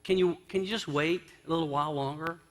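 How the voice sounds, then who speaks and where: A man voicing a busy, dismissive wife in a story, his pitch lifted a little. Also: fairly even intonation, quick pace, lightly acted. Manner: curt, dismissive. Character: reluctant busy wife, middle-aged woman.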